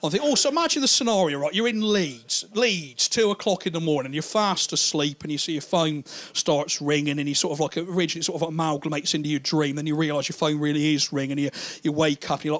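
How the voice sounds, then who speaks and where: Male stand-up comic; sweary, rambling storyteller, slightly high voice. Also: fast, few pauses, a bit bright. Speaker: stand-up comedian.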